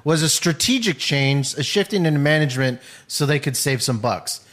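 A man's voice: on the high side, normal speed. A man co-hosting a casual podcast chat, talking in loose starts and restarts. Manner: animated, trails off and restarts a lot. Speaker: podcast co-host.

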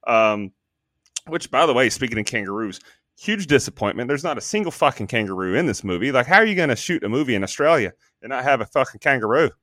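A man's voice: medium pitch, sing-song, fast, fairly bright tone, no echo, clean studio sound. A man casually chatting about a movie on a podcast, joking, rambling and swearing freely. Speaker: podcast co-host. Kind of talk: casual movie review chat.

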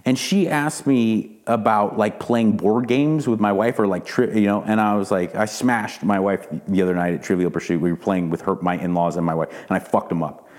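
A man's voice: lowish voice, fairly even intonation, moderate pace, darkish tone. A man hosting his own podcast, ranting heatedly and cursing often, repeating words as he builds up steam. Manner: heated, profane, repeats words when worked up. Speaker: podcast host. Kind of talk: ranting monologue.

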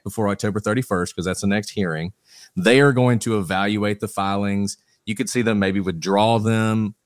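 A man giving measured legal analysis on a podcast panel, thinking aloud with small restarts. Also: fairly low pitch, no room sound, clean studio sound. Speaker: attorney guest.

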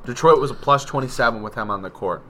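A man co-hosting a sports podcast, talking in a measured, analytical way. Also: mid-range voice, sharp tone, a little hiss or hum. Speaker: podcast co-host. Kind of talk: casual sports chat.

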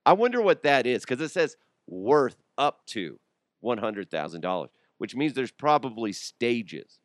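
A man's voice: medium pitch, big pitch swings, unhurried, dry recording, clean studio sound. A young adult man hosting a podcast, riffing and joking in a casual comedic monologue, often laughing and putting on voices. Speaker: podcast host.

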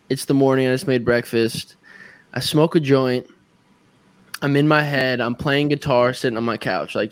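A man's voice: mid-range voice, no echo. Laid-back young man telling a wild story. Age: 20s. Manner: animated storyteller, acts out his own reactions. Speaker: guest musician. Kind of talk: casual chat, storytelling.

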